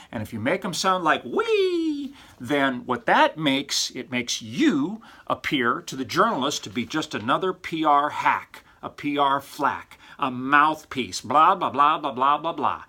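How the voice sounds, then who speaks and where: A man, a college professor, giving recorded feedback to his students in an over-animated, teasing way, throwing in rhetorical questions and silly exaggerated voices. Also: a little high.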